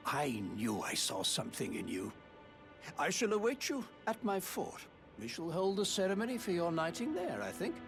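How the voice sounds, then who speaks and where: A man's voice: high voice, huge pitch swings, normal speed, creaky, a bit bright, faint music behind, exaggerated voice. A man voicing a pompous, courtly noble lord in a video game, speaking in a formal, grandiose, old-fashioned way. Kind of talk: video game character dialogue.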